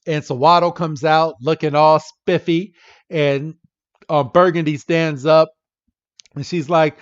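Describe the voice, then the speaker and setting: A man's voice: fairly high pitch, measured pace, dry recording, dull audio. A man co-hosting a podcast, recapping a cartoon episode in a casual, comedic way and often acting out the characters' lines. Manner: animated, laughs often, acts out characters' lines. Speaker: podcast co-host.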